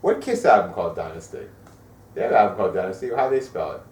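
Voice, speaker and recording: A man's voice: sits low, sing-song, fast talker, a little mellow. A male show host in casual, jokey banter about metal news, often slipping into silly impressions. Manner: jokey, mimics others with silly voices. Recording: roomy echo, mic at a distance.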